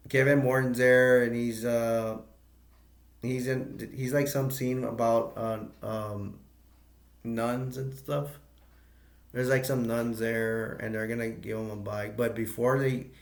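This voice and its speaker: A man's voice: medium pitch, echoey room. A man giving a casual, rambling movie review, retelling the plot with many restarts and stops.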